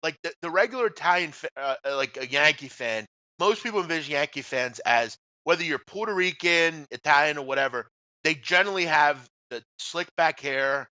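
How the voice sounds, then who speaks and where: A man's voice: a little high, expressive, brisk, sharp tone, dry recording, muffled recording. A man co-hosting a casual sports talk show, blunt and trash-talking, often trailing off at the ends of phrases. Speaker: co-host. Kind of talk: casual sports radio banter.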